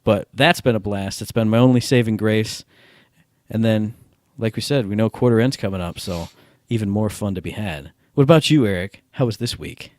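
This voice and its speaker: A man's voice: on the low side, moderate pace, darkish tone, no room sound, studio quality. A man co-hosting a casual gaming podcast over a Skype call, wry and self-deprecating. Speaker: podcast co-host.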